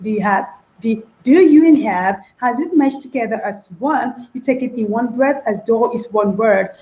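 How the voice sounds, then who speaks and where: A woman's voice: a little high, moderate pace. Woman teaching spoken English, roomy lo-fi sound. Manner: demonstrates phrases by repeating them with changing stress. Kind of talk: online spoken English lesson.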